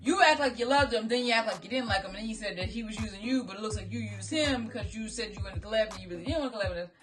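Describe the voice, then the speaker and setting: A woman's voice: medium pitch, racing, a crowd in the background. A woman hosting a reaction video, talking bluntly and with lots of profanity, and breaking into mocking impressions. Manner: blunt, profane, animated, mock-imitating voices. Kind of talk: casual reaction commentary. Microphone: phone.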